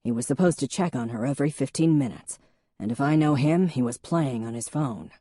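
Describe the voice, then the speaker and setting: A woman narrator voicing a patient, dry-humored male police chief who speaks steadily and calmly. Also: mid-range voice, brisk, dry recording, close to an everyday voice. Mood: steady. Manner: steady, calm, gently teasing.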